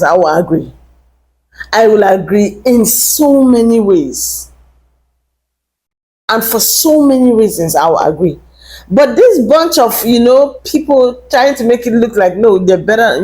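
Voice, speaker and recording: A woman's voice: a little high, animated, normal speed, dark tone. A woman vlogger talking to camera in an opinionated rant, emphatic and indignant, repeating her points.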